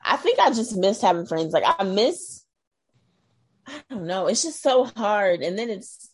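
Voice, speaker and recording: This middle-aged woman from Iowa has a mid-range voice that is very animated yet unhurried, a little mellow and husky. As a guest in a casual conversation, she talks chattily about her life, often laughing and sometimes drifting off into doubt.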